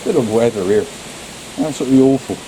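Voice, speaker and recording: A man's voice: medium pitch, animated, fast, mellow, slight background noise. British man muttering outdoors to his dog. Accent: British English. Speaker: vlogger. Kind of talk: casual vlog talk.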